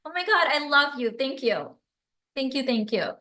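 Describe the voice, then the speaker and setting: A woman hosting a live stream, reading viewer comments aloud and answering them in an effusive, animated way. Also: high-pitched, normal speed, reverberant. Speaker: livestream host and business coach.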